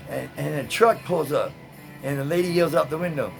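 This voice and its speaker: A laid-back man talks straight to his viewers, stretching out his words and filling them with "man" and "you know." Music plays clearly behind his voice. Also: medium pitch, normal speed, poor audio. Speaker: tie-dye video host. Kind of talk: casual storytelling to viewers.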